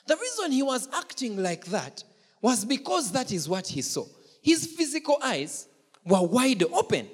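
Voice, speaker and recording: Brief: preacher, husky, very expressive pitch, playful and questioning, reverberant hall. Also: a little slow. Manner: animated, asks the congregation questions, jokes and laughs. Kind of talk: sermon. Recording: long church-hall reverb.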